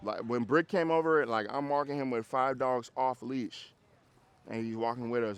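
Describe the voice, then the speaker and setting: A man working as a dog trainer, coaching casually outdoors on a walk, animated and often repeating himself as he acts out little scenes. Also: medium pitch, moderate pace, smooth.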